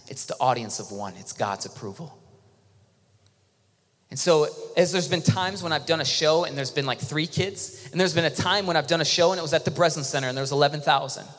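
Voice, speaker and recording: A man from Michigan preaching a sermon to a large auditorium, earnest and often dropping to a soft, intimate hush. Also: mid-range voice. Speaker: worship leader and preacher. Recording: live hall with long reverb, faint music.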